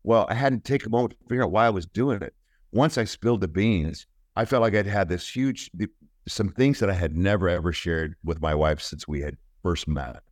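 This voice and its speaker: A man with an extremely low, deep voice speaks as an interview guest, recounting something personal in an earnest way. He often stops and starts over mid-sentence. The sound is dry and close, with no room echo. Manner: earnest, halting, with many restarts. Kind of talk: personal storytelling in conversation.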